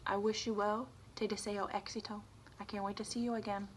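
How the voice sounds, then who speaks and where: A woman's voice: medium pitch, brisk, a little hiss or hum, low-quality recording. Woman reading a picture book to children. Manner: animated, sing-song read-aloud with warm asides to children. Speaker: teacher.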